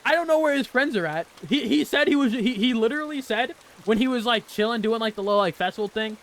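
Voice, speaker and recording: A man hosting a gaming channel, reacting to a story game with excitable, profane, slang-heavy rants. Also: very high-pitched, quick pace. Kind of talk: casual let's play reaction commentary.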